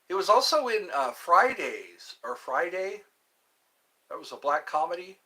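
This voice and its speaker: Speaking a little slowly in a high, sing-song voice with a sharp tone, a man hosts a livestream from home. He rambles casually while reading comments and responding to viewers' questions.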